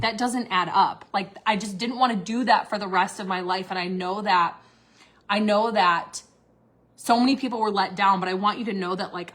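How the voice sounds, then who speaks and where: A woman in her thirties talks straight to her viewers about something she lived through. She is blunt and swears freely, with "like" in nearly every sentence. Her pitch sits in the middle for a woman, and she gets louder and more agitated as the story goes on. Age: 30s. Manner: candid, swearing, says "like" constantly; grows agitated and loud. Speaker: vlogger. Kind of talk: casual storytelling to camera.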